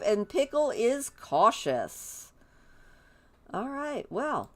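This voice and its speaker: A woman talking through her game in a chatty, playful way, gushing over the little ones. Her pitch moves around a lot, and she speaks at an unhurried pace. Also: sing-song. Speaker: gameplay commentator. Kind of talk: casual game commentary.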